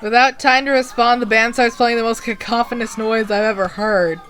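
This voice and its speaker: A woman's voice: a little high, steady tone, normal speed, fairly bright tone. A woman casually narrating a game playthrough, with chatty, self-deprecating asides. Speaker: let's-play narrator. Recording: music playing behind.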